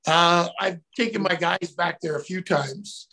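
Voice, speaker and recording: Gravelly, high-voiced man telling stories. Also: unhurried. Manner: animated, acts out quotes with sudden shouts. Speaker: guest. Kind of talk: casual storytelling.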